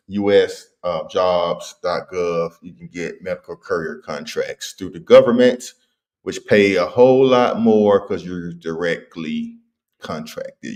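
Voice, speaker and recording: A man's voice: deep voice, darkish tone. A man hosting a casual livestream, talking in slang and reading viewer comments aloud. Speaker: livestream host.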